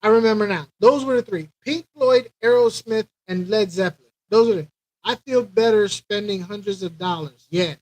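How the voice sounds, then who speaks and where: Brooklyn-raised male host, higher-pitched voice, loose rambling live-chat storyteller. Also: normal speed, dry recording, poor audio. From Brooklyn, New York. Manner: animated, repeats himself, imitates record scratching. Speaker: aquarium channel host. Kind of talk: casual live-stream storytelling.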